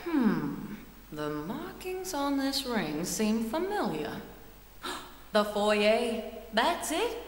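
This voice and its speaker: Mystic spirit woman, highish, drawn-out delivery, roomy echo. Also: big pitch swings, exaggerated voice. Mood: intrigued. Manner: slow, theatrical, wondering. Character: mystical female spirit guide, solemn. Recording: echoey reverb effect.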